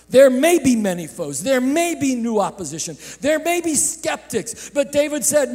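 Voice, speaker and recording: A man preaching a sermon from a church sanctuary, swinging between bursts of shouting and hushed, drawn-out phrases. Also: extremely high pitch, very animated. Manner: impassioned preaching with sudden shouts and hushed drops; slow, drawn-out delivery. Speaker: pastor. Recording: echoey sanctuary with long reverb.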